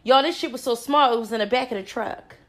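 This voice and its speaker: A woman's voice: a little high, fast. A woman co-hosting a casual chat, talking bluntly with slang and swearing. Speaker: podcast co-host.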